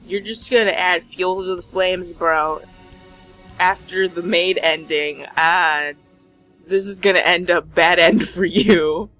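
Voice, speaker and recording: A woman's voice: on the low side, slow pace. Playful woman reacting to a game. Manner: animated, playful outbursts with giggly exclamations. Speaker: gamer. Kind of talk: let's play commentary. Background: faint game music.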